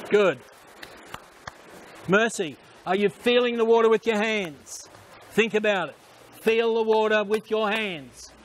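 A man coaching swimmers at a pool, calling out short repeated instructions and quick praise. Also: sits high, slight background noise. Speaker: swim coach. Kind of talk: poolside coaching commands.

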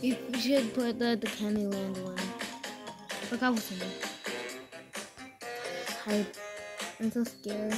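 A woman giving casual, excitable commentary while playing a game, gasping, giggling and squealing when scared. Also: medium pitch, slow pace, long pauses, loud music behind the voice. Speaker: gamer recording her play.

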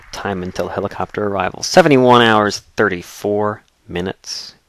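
A man's voice: on the low side, normal speed, hardly any pauses, fairly bright tone, dry recording. A man hosting a let's play, giving casual gameplay commentary in a joking, explanatory way with frequent chuckles.

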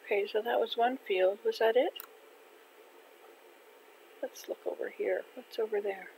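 An older woman from Canada chatting casually to herself while playing a video game, gentle and unhurried. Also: on the high side, a little hiss or hum, rough recording. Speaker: gaming channel host. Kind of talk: casual gameplay chat. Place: home in winter.

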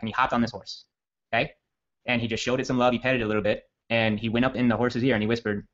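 Man, copywriting trainer, rapid rambling storyteller, mid pitch, muffled lo-fi audio. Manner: rambling, self-correcting, energetic storyteller. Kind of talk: casual training talk with storytelling. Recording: dull lo-fi audio.

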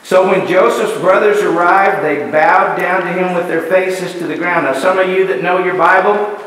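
A man's voice: high-pitched, a bit bright. A man preaching a sermon in a church, pressing his point with repeated rhetorical questions and building lists. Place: church sanctuary. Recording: echoey church hall, distant mic.

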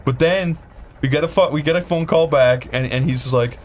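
A man's voice: a little high, fairly quick, a little hiss or hum. A man hosting a gaming show, telling a casual, rambling anecdote full of fillers and restarts while he plays. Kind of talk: casual storytelling over gameplay.

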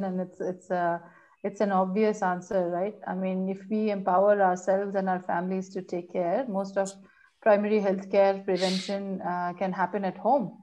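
A woman's voice: mid-range voice, level tone, moderate pace, dark tone, muffled recording. A woman speaking as a panelist in a public health discussion, often repeating words and restarting.

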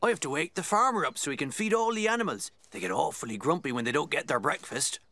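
A man's voice: a little high, expressive, fast, bright, forceful tone, dry recording, soft background music. A man voicing a friendly male rooster with a cold, sounding sniffly and sore-throated. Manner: cheery, homely, calls Henry "lad".

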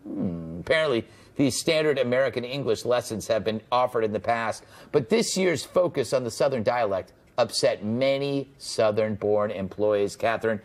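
A man hosting a late-night panel talk show, wry and jokey, reading news items and throwing quick asides to guests. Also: mid-range voice, expressive.

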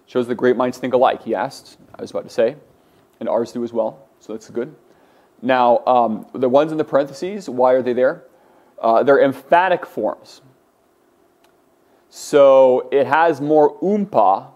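A man's voice: mid-range voice, a little slow, a little mellow, highs cut off. A man teaching a class, patiently explaining forms and drilling his students to say words aloud. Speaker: Greek teacher. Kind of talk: classroom lecture.

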